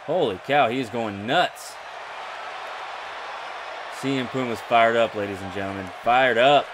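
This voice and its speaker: Young man, gaming commentary, excitable, jokey, mid-pitched voice. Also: a little slow, a crowd in the background, background noise. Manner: excitable, jokey, talks to viewers. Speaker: gaming YouTuber. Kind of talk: let's play commentary.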